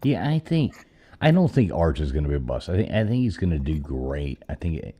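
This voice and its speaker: A man's voice: very deep voice, big pitch swings, fast talker, mellow, husky. A man in casual sports chat, blunt and profane, laying out his opinions on college football. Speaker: podcast co-host.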